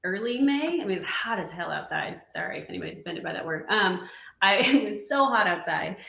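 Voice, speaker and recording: A woman chatting casually as a musician guest, talkative and quick to laugh. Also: mid-range voice, gravelly. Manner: giggly and chatty, with lively laughs. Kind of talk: casual chat. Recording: roomy echo.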